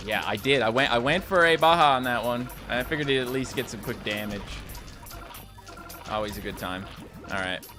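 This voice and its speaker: A man's voice: mid-range voice, moderate pace, music in the background. A young man live-streaming a mobile game, chatting loosely and answering viewer comments as he plays. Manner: coaxing the game on, repeating short phrases.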